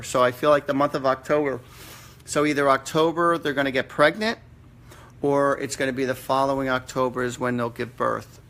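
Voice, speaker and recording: Over a computer or phone mic on a live stream, a psychic medium host delivers blunt, casual readings with a bit of mild swearing. His voice is medium in pitch and a bit bright.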